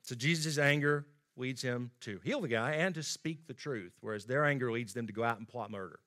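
A man's voice: mid-range voice, a little fast, bright, forceful tone. A man preaching a sermon in a conversational way, acting out the quoted lines with rising emphasis.

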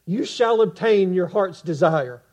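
Male preacher, high voice, impassioned sermon, loud swells and hushed drops. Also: lively intonation, unhurried.

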